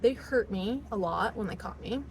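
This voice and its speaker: Sitting in a car, a female vlogger tells a personal story in a casual, rambling, emotional monologue, acting out what people said. Her mid-range voice has lively intonation and a moderate pace, though the audio is poor with slight background noise.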